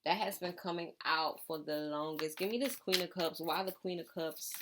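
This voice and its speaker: A woman's voice: lowish voice, normal speed, noisy background. A woman giving a casual channeled tarot reading, rambling with lots of fillers and calling the viewer honey. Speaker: tarot reader.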